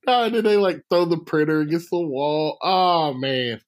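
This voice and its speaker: A man in casual chat, laughing a lot and quoting sitcom lines with animated delivery. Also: on the high side, moderate pace.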